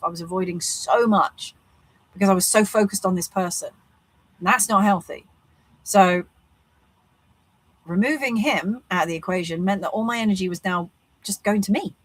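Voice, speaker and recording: A woman's voice: mid-range voice, slightly rough, no echo, rough recording. A woman, speaking straight to camera, coaching on manifesting in an earnest, reflective way and asking lots of rhetorical questions. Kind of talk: talking-to-camera motivational vlog.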